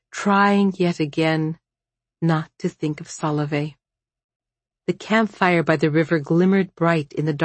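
A woman narrating an audiobook in a measured, even storytelling manner. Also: deep voice, no echo.

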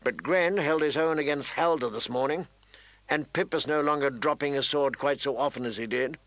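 A man voicing an earnest young man on night watch, in a plain, even way. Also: fairly high pitch, moderate pace, dry recording.

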